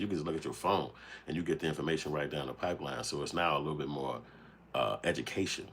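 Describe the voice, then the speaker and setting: A man ranting in a casual commentary, profane and animated, telling streetwise stories. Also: rumbling low, slight background noise. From United States. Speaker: commentary show host.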